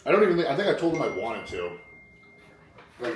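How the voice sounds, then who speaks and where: A man's voice: mid-range voice, big pitch swings, a little fast, echoey room, a little hiss or hum. A young man talking casually in a fitness vlog, rambling and acting out what other people said. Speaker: fitness vlogger. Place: kitchen at home, then a gym.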